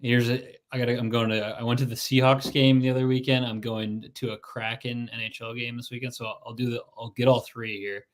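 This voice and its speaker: A man's voice: medium pitch, level tone, brisk, hardly any pauses. A man co-hosting a sports betting podcast who rambles casually and hesitates, with lots of fillers. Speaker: podcast co-host. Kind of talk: casual chat.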